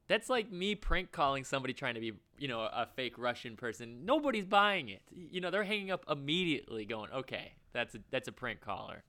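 A man's voice: fairly high pitch, bright, forceful tone. A man co-hosting a casual podcast, chatty and rambling with frequent laughs. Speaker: podcast co-host. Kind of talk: casual chat.

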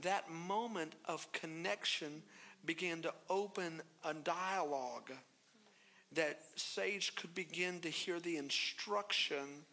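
A male pastor preaching a sermon, telling a story in an animated, playful way and acting out the voices in it. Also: fairly high pitch.

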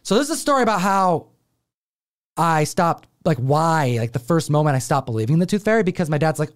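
A man's voice: fairly high pitch, a little fast. A man from Buffalo, New York, hosting a comic book show and telling a family story in casual chat, acting out the voices of his relatives. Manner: animated, acts out family voices.

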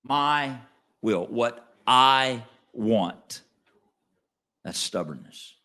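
A man preaching a sermon as pastor, swinging between quiet asides and loud emphatic lines and asking the congregation questions. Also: mid-range voice, expressive, drawn-out words. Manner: conversational, asks the congregation questions.

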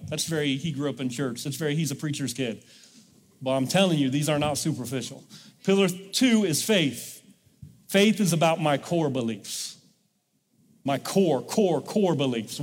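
A man's voice: fairly high pitch, in a large hall. A male pastor preaching a sermon in a church, leading the congregation in call-and-response. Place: church sanctuary.

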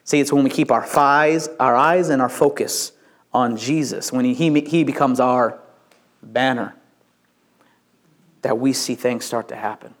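A man's voice: mid-range voice, measured pace, long pauses. A man preaching a sermon with playful jokes and frequent stammered restarts, a father of young kids. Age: adult with young children. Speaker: pastor.

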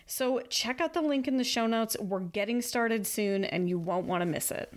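A woman's voice: fairly high pitch, moderate pace. Woman podcast host, earnest and story-driven, answering listener questions on her own. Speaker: podcast host and dog trainer. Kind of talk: solo podcast monologue.

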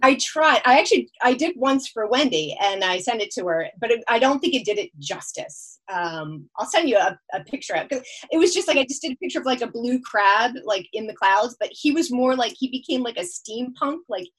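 A woman's voice: fairly high pitch, animated, brisk, hardly any pauses, fairly bright tone, breathy edge, low-quality recording. A woman telling a long story as a podcast guest, laughing often as she talks. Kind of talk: casual storytelling.

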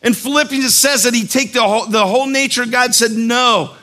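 A man's voice: very high voice, brisk, sharp tone. A man preaching a sermon as a pastor, conversational and earnest, telling stories and acting out quotes with emphasis. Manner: conversational, storytelling with acted-out quotes.

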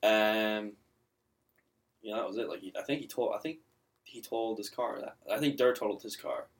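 A man's voice: fairly low pitch, brisk, far from the mic. A young man in casual podcast chat, telling a rambling story full of filler words.

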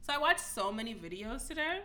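A woman co-hosting a casual chat, blunt and opinionated, talking in an expressive way. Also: on the high side, a little fast, background noise. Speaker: podcast co-host.

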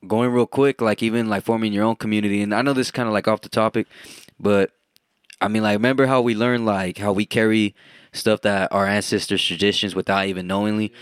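A young man with a very low voice talks in a loose, rambling way, leaning on fillers and casual swearing. The sound is dry and close. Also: fairly even intonation, brisk, no echo. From United States. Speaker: podcast co-host. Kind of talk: casual chat.

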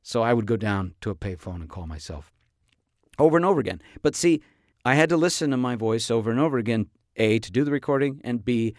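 A man hosting a podcast about voice acting, talking casually with playful, expressive comic storytelling. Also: medium pitch, quick pace, dry recording, clean studio sound. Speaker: podcast host and voice actor.

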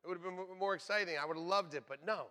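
A man preaching a sermon as pastor, swinging between hushed, quiet passages and loud, shouted exclamations. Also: sits high, very fast.

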